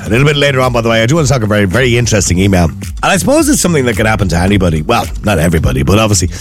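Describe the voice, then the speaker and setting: A man with an Irish accent hosting a late-night radio talk show, chatting in a lively, rambling way with asides. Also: fairly low pitch, very fast.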